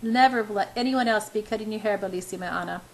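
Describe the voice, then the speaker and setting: A woman's voice: medium pitch, fast, slight background noise, natural voice, poor audio. A woman reading the lines of an effusive male hairdresser with a put-on Italian accent, gushing with enthusiasm.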